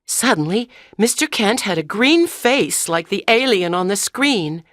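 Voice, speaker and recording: A woman narrating a graded-reader story for language learners in a clear, careful reading. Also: medium pitch, lively intonation, unhurried, a bit bright, no echo, clean studio sound. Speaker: audiobook narrator.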